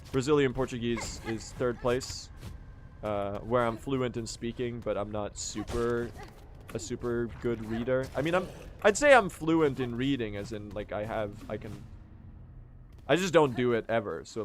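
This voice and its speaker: A young man chatting casually on a speedrun stream, self-mocking and laughing often. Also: medium pitch. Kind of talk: casual live-stream chat.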